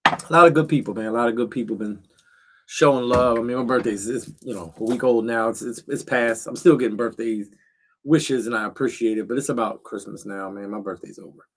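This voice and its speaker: A laid-back middle-aged man hosting a casual livestream from his backyard shed on a cold night. He talks straight to his viewers in a relaxed, slangy way, full of fillers and asides. His voice sits at an ordinary male pitch. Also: a little fast, slight background noise. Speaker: livestream host.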